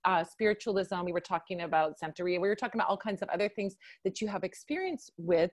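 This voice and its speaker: A woman hosting a live video call chat, bubbly, laughing often and talking in bursts. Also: mid-range voice. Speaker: host.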